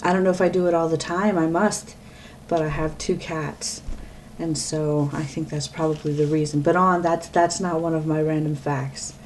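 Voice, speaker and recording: Speaking to her webcam at home, this middle-aged East Coast woman from Pennsylvania vlogs in a casual, rambling, self-interrupting way, often breaking off partway through sentences. Her voice is low, steady, and a little mellow, at normal speed. The audio carries a little hiss or hum.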